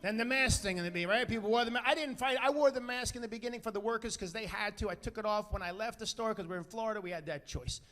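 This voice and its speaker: A man doing a brash, profane stand-up comedy set, telling stories and acting out quotes with loud punchlines. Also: sits high, very fast, few pauses, a faint crowd. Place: comedy stage with a live audience.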